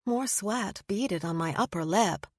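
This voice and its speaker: Expressive woman narrating an audiobook. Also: mid-range voice, measured pace, dry recording, studio quality. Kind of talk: first-person scripted narration.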